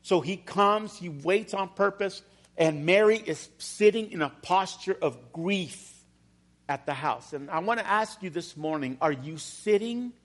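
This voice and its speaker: A man's voice: sits high, lively intonation, a little slow. A man pastor preaching a sermon in church, firing rhetorical questions with emphasis.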